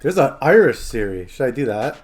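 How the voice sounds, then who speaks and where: Chatty streamer man, lively intonation. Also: medium pitch, fairly quick, soft background music. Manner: rambling, chatty, talking to chat and his phone. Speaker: game streamer. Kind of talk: casual live-stream chat.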